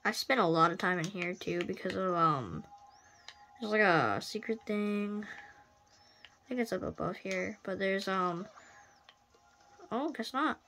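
A woman's voice: medium pitch, expressive, slow pace, long pauses, bright, forceful tone, faint music behind. A woman giving casual, playful commentary while playing a video game, often crying out at what happens. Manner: playful, exclaims and cries out at the game.

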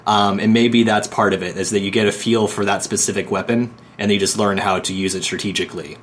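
Lowish guy hosting a podcast, thinks out loud w lots of ums, bit of faint hiss behind. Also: steady tone. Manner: measured, thoughtful, filler-heavy. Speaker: podcast host. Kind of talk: casual podcast chat. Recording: faint background noise.

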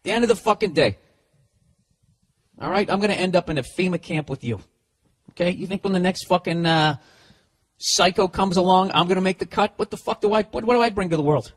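Husky, ranting middle-aged man. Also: sits high, a little fast, pauses often. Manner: profane, sarcastic, rambling rant. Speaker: podcast host. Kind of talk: ranting comedic monologue.

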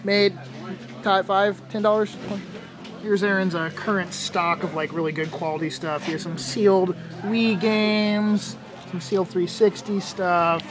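A man's voice: sits high, steady tone, unhurried. A man hosting a casual vlog from a flea market booth, joking and laughing often. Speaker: vlogger host. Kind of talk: casual chat. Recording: noisy crowded flea market. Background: busy crowd and music.

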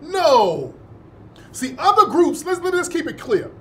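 A man's voice: extremely high pitch, sing-song, takes it slowly, pushed and bright, slight background noise. A man hosting a show, giving heated, indignant commentary, cursing and repeating phrases for emphasis. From United States, born in the North, raised in the South. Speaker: host.

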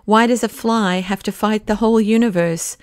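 Woman reading earnest young man, heartfelt and pleading, smooth clear tone, dry sound. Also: medium pitch, measured pace, dry recording, lightly acted. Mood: impassioned. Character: earnest, troubled young male poet-detective. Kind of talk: audiobook character reading.

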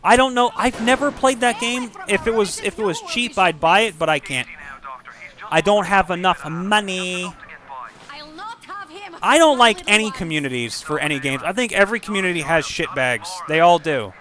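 Excitable swearing man streaming a game. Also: sits high, normal speed. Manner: rambling, swearing, excitable outbursts. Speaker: gameplay streamer. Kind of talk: casual gaming commentary.

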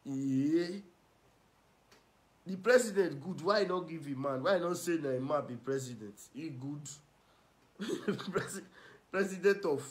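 A man with a Nigerian Pidgin accent giving ranting, mocking gossip commentary, scolding and swinging between loud and soft. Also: fairly high pitch, measured pace, pauses often. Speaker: online commentator.

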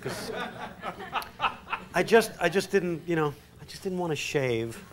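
A man from Wisconsin, a guest actor on a talk show, relaxed and joking, laughing easily. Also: a little high, unhurried. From Wisconsin, USA. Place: TV studio with live audience. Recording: TV studio with very loud audience and noise.

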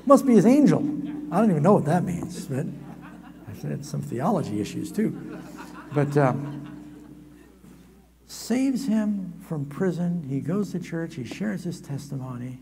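A man preaching a storytelling sermon at a camp meeting, animated and humorous with quick asides, in a large hall. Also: on the high side, gravelly, crowd noise. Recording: long reverb of a large hall.

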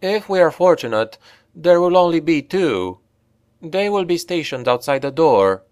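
A man's voice: on the high side, big pitch swings, measured pace, a little mellow, no room sound, pitched above the performer's own voice. A man voicing a solemn, formal elven woman who leads the way. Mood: grave urgency. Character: grave elven woman guide.

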